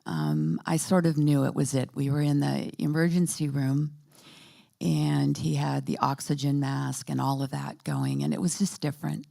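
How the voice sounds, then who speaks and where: A woman in her fifties or sixties speaks softly in a low, gravelly voice with a dark, mellow tone. She gives a personal testimony to a church gathering, pausing often and filling the gaps with soft fillers. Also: animated. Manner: halting and soft-spoken, with many pauses and fillers.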